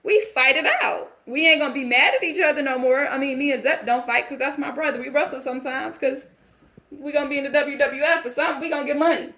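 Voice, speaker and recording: Brief: high, bright woman doing a defiant foster girl, profane rambling rant. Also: fast talker. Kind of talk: character monologue.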